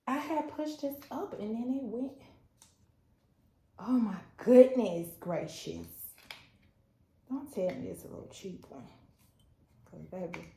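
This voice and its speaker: A woman chatting excitedly to her viewers while setting things up at home, talking herself through each step. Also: mid-range voice. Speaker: small business owner and stay-at-home mom. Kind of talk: casual vlog chat. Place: at home, indoors. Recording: roomy echo, faint background noise.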